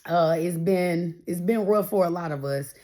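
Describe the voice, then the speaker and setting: A woman with a fairly low, dark-toned voice and moderate pace does a casual tarot reading aimed directly at viewers. She encourages them, repeats phrases for weight, and is starting to get emotional.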